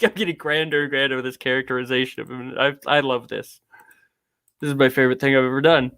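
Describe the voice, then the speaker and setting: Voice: medium pitch, steady tone, a little fast, fairly bright tone, no room sound. A streamer joking and swearing casually between readings. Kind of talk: casual chat.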